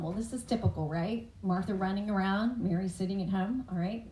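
A woman leads a Bible study in an earnest, conversational way, turning often to her listeners with questions. Her voice sits at an ordinary pitch for a woman. The room adds a clear echo, with a faint hiss underneath. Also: brisk, warm tone. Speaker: Bible teacher. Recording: echoey room, faint background noise.

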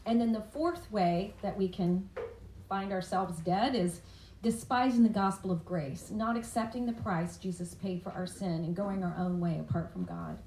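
A woman's voice: mid-range voice, moderate pace, darkish tone. A woman teaching a Bible study, earnest and conversational, often asking the listeners questions. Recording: echoey room, faint background noise.

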